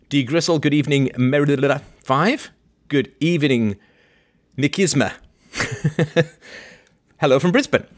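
A man hosting a livestream, chatting playfully, joking and laughing as he reads out viewer greetings. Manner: animated, jumps between high and low pitch. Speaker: host.

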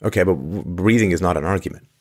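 A man's voice: deep voice, quick pace. A man hosting a commentary show, delivering a sarcastic monologue full of incredulous rhetorical questions and frequent sighs. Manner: sighs often. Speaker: podcast host.

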